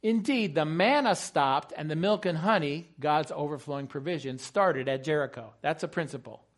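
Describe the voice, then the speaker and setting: A male preacher delivers a sermon with a fairly high voice. He talks emphatically and poses rhetorical questions to the congregation. He repeats his key points. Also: normal speed.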